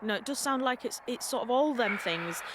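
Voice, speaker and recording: An actress playing a brisk, exasperated female local radio presenter in a comedy sketch. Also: a little high, animated, background noise, natural voice.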